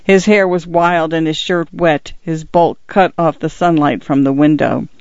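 A woman reading short stories aloud as the narrator of a reading service, measured and even. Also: sits low, no room sound. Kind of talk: scripted narration. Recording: dull, dry lo-fi recording.

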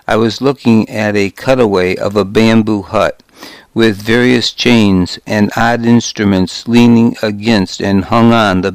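A man narrating a first-person story in a measured, wry audiobook reading on a close microphone. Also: on the low side, clean tone, dry recording.

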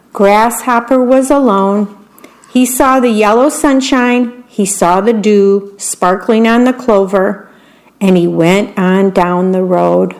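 A woman volunteer reads a bedtime story aloud on the radio, speaking gently and describing the pictures for listeners. Her voice is medium-pitched.

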